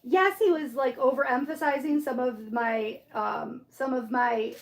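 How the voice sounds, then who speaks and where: Chatty high-voiced woman from Michigan. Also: steady tone, a little slow, vocal fry, reverberant. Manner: chatty, answers viewer comments, muses aloud. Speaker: livestream crafter reading chat. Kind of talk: casual live-stream chat.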